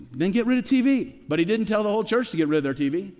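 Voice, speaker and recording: High-voiced pastor preaching in a reverberant hall. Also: male voice, animated, racing, a little mellow. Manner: conversational preaching with rhetorical questions and stammered restarts. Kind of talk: sermon. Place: church sanctuary. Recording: long reverb of a large hall.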